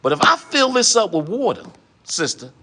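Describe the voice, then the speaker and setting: A man's voice: high voice, sing-song, moderate pace, noisy background. A middle-aged man, lecturing in a preachy monologue and firing off rhetorical questions, often adding "huh?". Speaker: online commentator addressing women.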